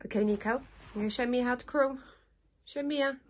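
Filming indoors at home, a young woman coos to her baby and dogs in a sing-song baby-talk voice for a home video. Her voice is a little high at normal speed, with faint background noise.

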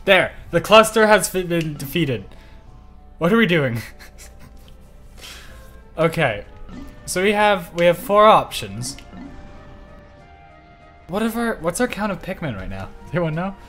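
Jokey guy streaming a game, high voice that jumps all over, faint game music behind. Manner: excitable and jokey, quick to yell. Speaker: livestream host. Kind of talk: casual gameplay commentary.

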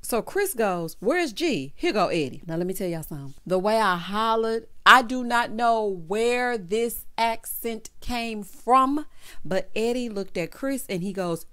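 A woman recaps reality TV in a sassy, gossipy vlog voice. Her pitch sits slightly high and leaps around with lots of expression. She keeps dropping "honey" and "child" as she reacts to the drama. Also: a little slow. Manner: sassy, chatty, sprinkles "honey", "baby" and "child"; animated, breaks into loud hollering laughs. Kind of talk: casual recap commentary.

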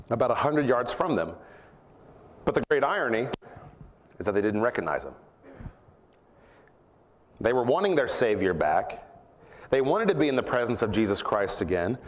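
A man preaching a sermon at church, earnest and reflective, rising in pitch to stress his points. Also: big-room sound.

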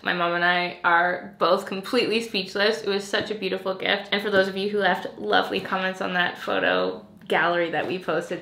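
A bubbly young woman chatting to her camera about her latest haul, gushing over each piece and breaking into laughs along the way. Her voice sits at an ordinary middle pitch, and the room gives it a noticeable echo. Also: pushed and bright. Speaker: lifestyle vlogger. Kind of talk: casual haul chat to camera. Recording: roomy echo.

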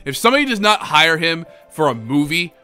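A man's voice: fairly high pitch, sing-song, brisk, pushed and bright, smooth, soft background music. A man hosting a reaction video, chatting casually, laughing often and repeating lines back.

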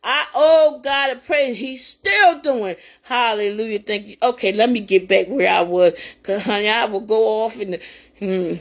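An older woman testifying and preaching on her own show, fervent and breaking into shouted praise. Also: fairly high pitch, normal speed. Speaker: talk show host giving encouragement.

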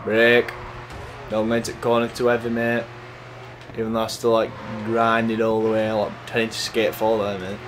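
A man casually commentating his racing gameplay, chatty and excitable, cursing at the game. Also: on the low side, normal speed, noisy background. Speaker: gaming YouTuber. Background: game music.

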